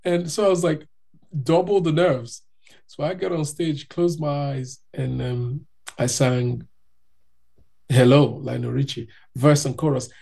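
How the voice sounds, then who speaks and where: A man telling a personal story in a casual, animated way, acting out other people's voices. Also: a little high, unhurried, vocal fry. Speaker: guest.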